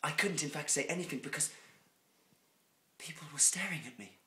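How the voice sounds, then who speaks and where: A man's voice: a little high, normal speed. Rambling comic man in an echoey room. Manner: rambling, absurd, swings from muttering to loud outbursts. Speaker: comic storyteller. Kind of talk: mock story reading, improvised comedy. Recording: echoey room with faint noise.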